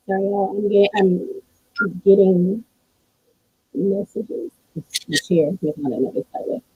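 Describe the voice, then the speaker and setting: A woman singer hosting a live stream in casual, chatty talk, effusive and quick to laugh. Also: medium pitch, husky. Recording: dull lo-fi live-stream audio.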